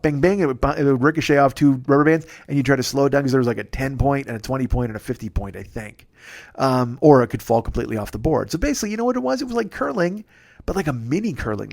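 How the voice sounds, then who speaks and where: A man's voice: mid-range voice, a little mellow. Male comic host, 40s, loose profane monologue, chuckles at himself. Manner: rambling, profane, laughs at his own jokes. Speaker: comedian host. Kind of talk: solo comedy monologue.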